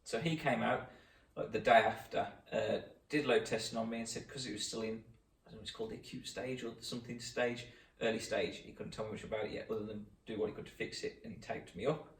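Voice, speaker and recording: A man's voice: fairly low pitch, steady tone, fast talker, vocal fry. Man, chatty, echoey and distant. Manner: chatty, recounting an injury. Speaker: fitness channel host. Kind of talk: casual chat. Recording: echoey room, mic at a distance.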